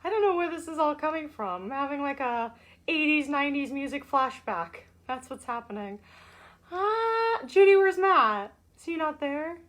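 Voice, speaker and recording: A woman's voice: sits high, lively intonation, normal speed, fairly bright tone. A woman hosting a casual live-stream show, bubbly, greeting viewers by name in sing-song calls. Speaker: show host.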